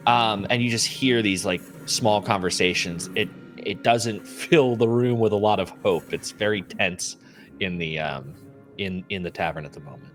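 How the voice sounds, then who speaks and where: A man's voice: fairly low pitch, moderate pace, faint music behind. A man narrating as game master, loose and laughing, with many fillers.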